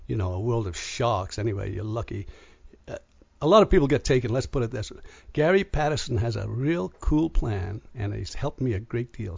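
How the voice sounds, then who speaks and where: A man's voice: medium pitch, creaky, no echo. A man hosting a radio show, chatting and joking with callers in an easygoing way. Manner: joking, relaxed banter. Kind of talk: casual radio chat. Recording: dull lo-fi radio audio.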